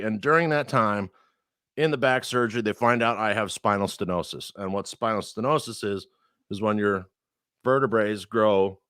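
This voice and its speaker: A man's voice: on the low side, no echo, clean studio sound. A man telling a personal story in casual chat, swearing freely and acting out the people he quotes. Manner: profane, animated, acts out quoted people.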